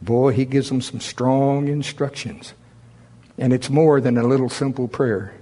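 A man's voice: mid-range voice, steady tone, measured pace, dark tone. A man preaching as a pastor, reading scripture in old English and then driving points home with rising force. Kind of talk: sermon.

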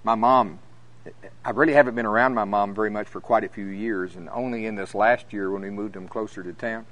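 A middle-aged preacher with a fairly low voice speaks a little fast to his congregation. He acts out the voices of people in his stories, telling them with animation and laughing often.

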